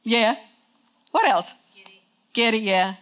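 Slow and animated, this woman's high-leaning, fairly bright voice delivers a sermon in church in a conversational way. She checks in with the congregation, guides call and response, and uses "okay?" again and again.

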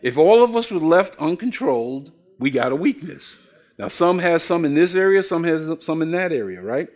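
A man's voice: fairly high pitch, very animated, moderate pace, a little mellow. An older man preaching a sermon, asking the congregation questions and telling folksy stories with acted-out voices. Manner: folksy storytelling, acts out quoted voices. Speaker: pastor.

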